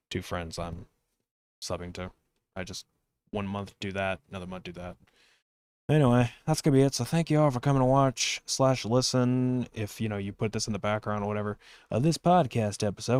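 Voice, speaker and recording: Rambling young man with a low, dry voice. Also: darkish tone, dry recording. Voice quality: slight lisp. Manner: rambling, self-deprecating, trailing off. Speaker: podcast host and streamer. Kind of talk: casual podcast chat.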